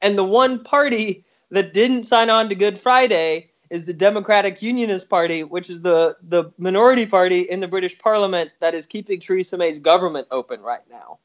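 A man with a notably high voice rambles through politics in loose, casual chat. He swears freely and jokes as he goes. The recording sounds a little dull and lo-fi. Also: brisk, few pauses. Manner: rambling, profane, joking.

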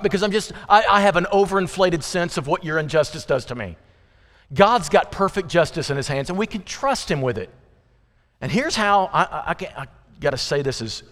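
A male preacher delivering an impassioned sermon, swinging from pleading questions to slow, low emphasis. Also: a bit bright. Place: church sanctuary. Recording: long reverb of a church hall.

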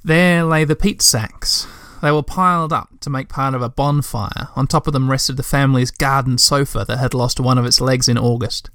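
A man's voice: medium pitch, steady tone, normal speed, hardly any pauses, fairly bright tone, no room sound, studio quality. A man reading a children's book aloud, breaking off for chatty asides to listeners. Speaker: reader.

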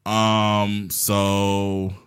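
A man's voice: lowish voice, monotone, extremely slow, clean tone. Laid-back man in casual podcast chat. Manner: laid-back, hesitant, many fillers and restarts. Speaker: podcast co-host.

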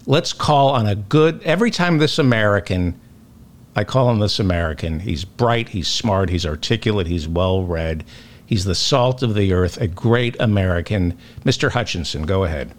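A male podcast host in a jokey, sardonic mood as he introduces callers. His pitch swings widely and his delivery is lively. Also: moderate pace. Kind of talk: casual talk show chat.

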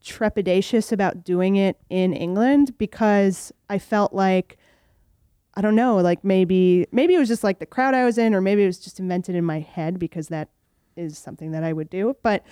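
A young woman comedian talks through a casual podcast chat, leaning on "like" as she thinks aloud. Her voice is mellow and smooth, and it is recorded close and dry with no room sound. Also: mid-range voice, normal speed, dry recording. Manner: chatty, lots of "like" fillers, animated. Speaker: comedian guest.

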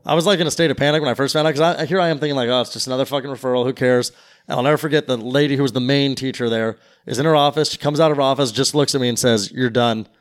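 A man's voice: medium pitch, rapid-fire, hardly any pauses. A young man telling a long rambling story in casual chat, acting out what people said. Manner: rambling, quotes people in their voices. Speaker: podcast guest.

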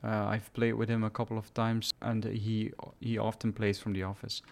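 A man's voice: fairly low pitch, completely flat delivery, moderate pace, creaky. A man co-hosting a podcast, chatting casually and hesitantly during a game session. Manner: hesitant, lots of uh fillers, laughs easily. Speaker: podcast co-host. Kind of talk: casual chat while gaming.

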